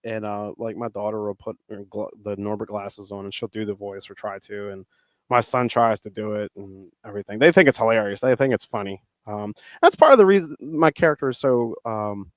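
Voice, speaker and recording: A man's voice: fairly low pitch, a little fast, dry recording. A middle-aged man, a wrestler, chatting as a podcast guest and telling stories in a loose, rambling way full of fillers and restarts. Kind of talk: casual podcast conversation.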